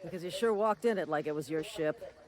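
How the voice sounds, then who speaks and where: A man's voice: on the high side, fairly quick, crowd noise, natural voice. A man voicing a folksy corporate security guard in a video game, talking in a drawling, officious way.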